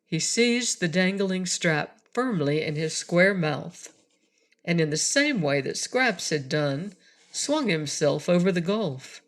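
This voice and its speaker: A woman narrating a children's audiobook in a slow, even, clear reading voice. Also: lowish voice. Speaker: audiobook reader.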